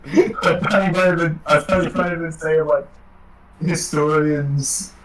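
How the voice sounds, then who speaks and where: Hesitant, slightly high-voiced man. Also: steady tone, unhurried, poor audio. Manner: hesitant, stumbling. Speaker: co-host. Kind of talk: casual chat.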